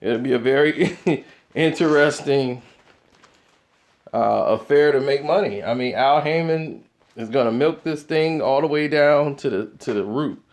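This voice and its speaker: A man hosting his own commentary channel, talking in an animated, argumentative way and laughing often. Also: mid-range voice, a little slow. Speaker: boxing commentary channel host. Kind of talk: opinionated casual commentary.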